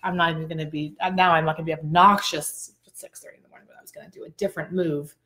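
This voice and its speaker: A bubbly woman co-hosting a casual live self-growth chat, telling stories with frequent laughs and big pitch swings. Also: little pitch movement, racing, noisy background. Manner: chatty storyteller, sparks off tangents.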